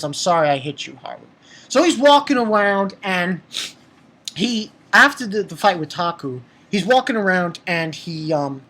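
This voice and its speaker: This anime reviewer has a high-pitched, fairly bright voice. He rambles through an episode recap with fillers and restarts, interrupting the plot summary with angry, profane outbursts.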